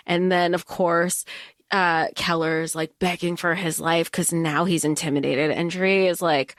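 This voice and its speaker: A woman co-hosting a podcast, excitedly retelling book scenes with acted quotes and casual swearing. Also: on the low side, a little slow, dry recording, clean studio sound. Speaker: podcast co-host.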